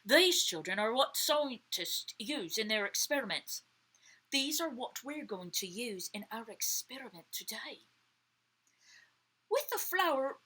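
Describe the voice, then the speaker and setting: A woman voicing a cheerful female scientist from a butterfly land, with a British, Irish and Georgian accent mix and a breathy, soft manner in a children's story. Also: on the high side, sing-song, a little slow, full character voice. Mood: explaining.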